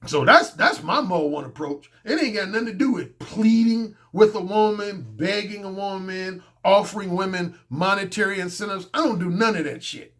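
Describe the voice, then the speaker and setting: A man's voice: high-pitched, moderate pace, hardly any pauses, a bit bright. A man talking as a dating coach in a casual monologue, blunt, profane and boastful.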